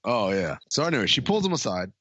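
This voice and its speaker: A man's voice: lowish voice, sing-song, fast, a bit bright, no echo. Male podcast co-host, crude joker, muffled dry studio mic. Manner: crude joking, reads out his own notes. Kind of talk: casual movie review chat.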